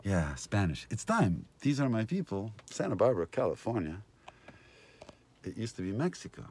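A man rambling in a casual vlog, outdoors at a food stand, his voice swinging between loud and muttered. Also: lowish voice, very animated, moderate pace, breathy edge. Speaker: vlogger. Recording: noisy street ambience.

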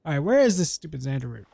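A man talks to himself while playing a game, muttering self-mocking asides in a high voice. His delivery is loose and casual, the sound close and dry. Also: creaky, warm tone, breathy edge, dry recording. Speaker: let's play gamer.

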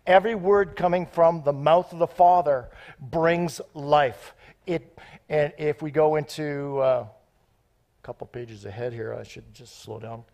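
A man preaching a sermon in an excitable, off-the-cuff way, joking with the congregation between scripture readings. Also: on the high side, a little slow, lo-fi sound. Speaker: guest preacher.

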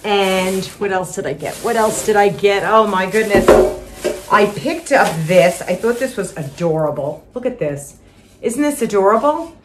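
Heavy noise surrounds this recording of an older woman casually showing off her shopping haul at home; she gushes, repeats herself, and laughs lightly. Her voice is mid-range and her pace measured.

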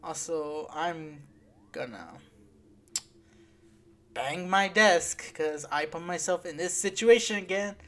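A woman's voice: on the low side, slow pace, pauses often, a bit bright. A woman hosting a let's play, commenting on her game in a profane, exasperated and sarcastic way. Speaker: gaming video host. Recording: faint game music behind.

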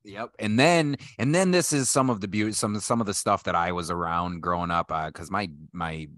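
Fast-talking low-voiced man on a dry mic. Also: no echo. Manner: fast, excitable, peppered with "like". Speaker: podcast guest, filmmaker. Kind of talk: casual film review chat.

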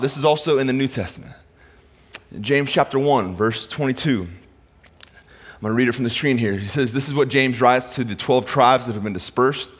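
A middle-aged male pastor preaching a sermon, swinging between loud emphatic lines and quiet intimate ones. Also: medium pitch.

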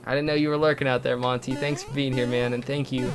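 Hyped streamer guy thanking chat nonstop, yells now and then, middle pitched voice, game music loud underneath. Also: fast talker. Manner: excitable, bursts into shouting, gushing thanks. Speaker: gaming live-streamer. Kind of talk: live-stream chat while playing.

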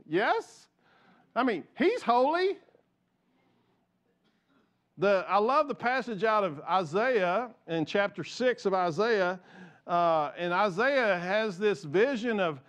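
A man's voice: sits high, a bit bright. A man pastor preaching a conversational sermon in church, repeating words as he goes and joking with the congregation.

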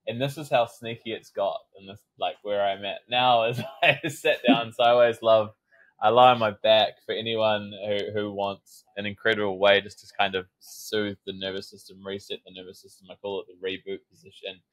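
Low-voiced man, lively storytelling coach. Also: moderate pace, rough recording. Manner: animated storytelling, acts out inner dialogue, swears casually. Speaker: sobriety and co-dependency coach. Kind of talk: casual podcast interview.

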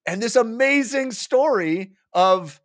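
A man's voice: extremely high pitch, expressive, takes it slowly. A man co-hosting a casual book-club podcast, talking animatedly and slipping into playful voices. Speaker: podcast co-host.

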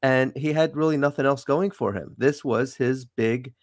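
A man with a New York accent, born in the city, hosting a casual interview with wry, animated chat. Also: medium pitch, normal speed, no echo, studio quality. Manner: chatty, wry, animated sign-offs. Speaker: show host.

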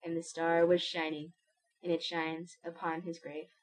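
Female storybook narrator, lowish voice, gentle and measured. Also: level tone, rough recording. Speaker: audiobook narrator. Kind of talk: scripted narration.

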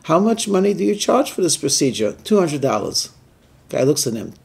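A man's voice: on the high side, normal speed, vocal fry, slightly rough. A man, a rabbi, telling a story as a weekly sermon and briefly voicing the people in it. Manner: animated storyteller who voices the people in his stories.

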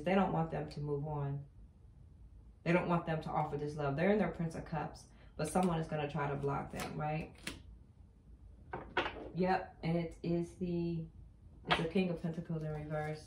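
Woman, lowish voice, tarot reading, emphatic and repetitive, echoey room, faint hiss. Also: warm tone. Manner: emphatic, repetitive, chatty affirmations. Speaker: tarot reader. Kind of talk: casual tarot card reading.

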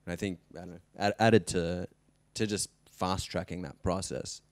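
Young aussie guy, real deep voice, keen and a bit stammery, dry studio mic. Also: steady tone, normal speed, no echo. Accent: Australian. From Australia. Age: young adult. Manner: enthusiastic, stammering restarts. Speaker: actor guest. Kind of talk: casual interview chat. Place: interview studio.

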